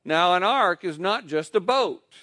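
Male pastor preaching real slow and deliberate, kinda high voice. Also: expressive, bright, forceful tone. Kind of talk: sermon.

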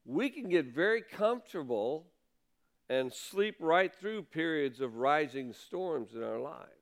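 A man preaching a sermon, earnestly, rising for quoted questions and dropping low for asides. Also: animated, measured pace. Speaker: pastor.

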